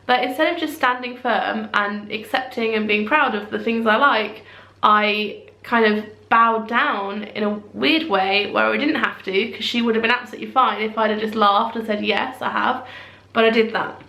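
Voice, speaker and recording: A woman's voice: fairly high pitch, moderate pace, sharp tone. Woman, vlogger, chatty, self-deprecating, echoey room. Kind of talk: casual talk to camera.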